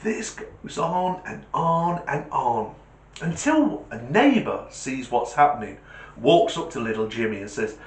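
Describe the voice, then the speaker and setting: A man with a British accent hosting a comedy channel, telling jokes as an animated storyteller who laughs at his own punchlines. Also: medium pitch, unhurried. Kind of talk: joke telling. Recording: roomy echo.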